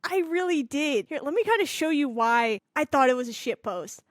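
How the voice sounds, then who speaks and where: A woman hosting a casual reaction video, excitable and thinking aloud as she talks to her viewers. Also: high-pitched, normal speed, dry recording, studio quality. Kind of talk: casual chat.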